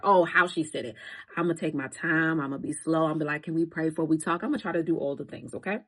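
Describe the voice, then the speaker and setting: A woman's voice: medium pitch, a bit bright, poor audio. Preachy woman talking to camera. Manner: preachy, conversational, rises into emphatic exhortation. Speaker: Christian content creator. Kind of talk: casual faith commentary to camera.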